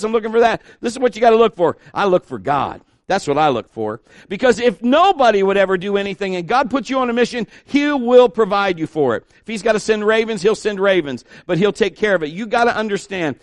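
Animated man preaching a sermon. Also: fairly high pitch, no echo, studio quality. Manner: animated, acts out dialogue, shifts between loud and hushed. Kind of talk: sermon storytelling.

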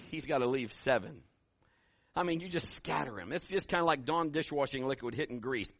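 A middle-aged man preaching a sermon as pastor, telling stories and acting out voices, building to loud emphatic peaks. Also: on the high side, dry recording.

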